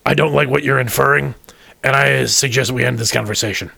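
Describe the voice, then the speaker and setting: A man playing a gravelly, halting starship crewman. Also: medium pitch, fairly even intonation, bright, forceful tone, no room sound, full character voice. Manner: halting, stammers and restarts. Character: wary male starship crewman, private about his mother. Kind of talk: tabletop role-play.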